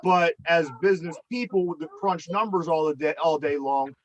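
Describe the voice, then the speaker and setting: A man's voice: fairly high pitch, steady tone, normal speed, a little hiss or hum. A man co-hosting a casual podcast chat, teasing and rambling with repeated words, on a dull lo-fi mic. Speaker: podcast co-host.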